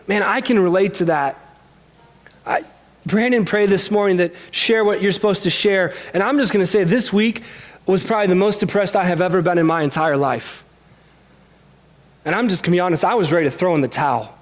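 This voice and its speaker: A man with a notably high voice delivers a sermon in a church. He talks earnestly and candidly, mixing scripture reading with frank talk about his own hard week. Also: normal speed. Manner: earnest, candid, speaks openly of personal struggle. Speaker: pastor. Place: church sanctuary.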